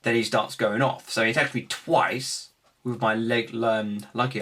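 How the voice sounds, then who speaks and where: A young man casually recapping his card game tournament, animated, acting out his opponents' remarks. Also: mid-range voice, measured pace, breathy edge. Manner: animated storytelling, acts out opponents' lines.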